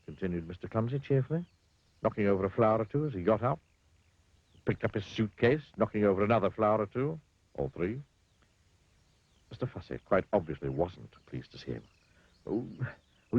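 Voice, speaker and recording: Deep-voiced man reading a children's story. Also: a little fast, long pauses, husky, no echo, dull audio. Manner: animated, wry, voicing characters. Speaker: narrator.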